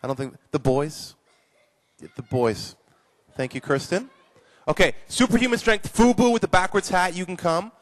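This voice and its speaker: A man teaching children at a live conference session, animated and playful, praising his young volunteers. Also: sits high, normal speed. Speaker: children's ministry speaker.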